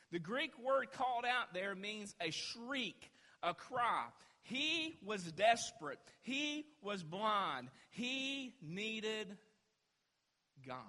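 Young guy preaching, bright high voice, big hall echo, goes from quiet to yelling. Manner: impassioned, swings from hushed to shouting. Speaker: pastor. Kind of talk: sermon.

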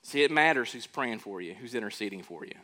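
A man's voice: medium pitch, expressive, fast talker, pushed and bright. A man preaching a sermon, emphatic and questioning his congregation, repeating words as he builds each point. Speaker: pastor.

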